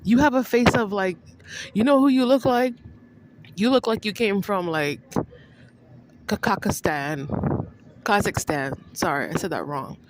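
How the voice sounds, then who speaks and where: A woman's voice: mid-range voice, slight background noise, rough recording. Rambling, accusing woman vlogger. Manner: accusing, repetitive, addresses an absent person by name; halting, with many restarts and fillers. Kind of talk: rambling monologue to the camera.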